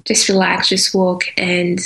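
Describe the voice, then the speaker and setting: A woman co-hosting a podcast in casual conversation, speaking slowly and thoughtfully with pauses and fillers. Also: fairly low pitch, completely flat delivery, fairly bright tone, rough recording. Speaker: podcast co-host.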